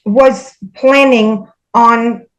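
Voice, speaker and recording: A woman guest recounting spiritual experiences in casual conversation, hesitant with many fillers and pauses. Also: fairly high pitch, fairly even intonation, rough recording.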